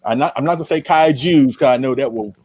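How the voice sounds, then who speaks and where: A man's voice: mid-range voice, quick pace, a little mellow, breathy edge, no room sound. A man hosting a live-stream interview, asking questions in a playful, teasing way. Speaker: show host, interviewer.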